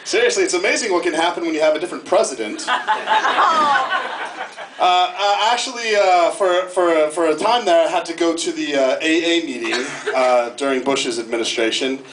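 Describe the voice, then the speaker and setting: An American man performing a self-mocking stand-up comedy set on a club stage, with frequent jumps into high-pitched bits. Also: moderate pace. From United States. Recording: echoey club room with noise. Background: audience laughter.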